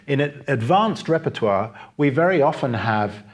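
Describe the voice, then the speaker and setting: A middle-aged man, giving a patient, explanatory piano masterclass and pausing to play examples. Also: medium pitch, lively intonation. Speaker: piano teacher. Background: piano playing between phrases.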